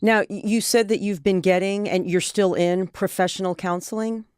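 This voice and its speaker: A woman hosting a podcast, talking earnestly with a guest, explaining at length and asking gentle questions. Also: mid-range voice, fairly even intonation, moderate pace, smooth, dry recording, studio quality. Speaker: podcast host. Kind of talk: supportive podcast conversation.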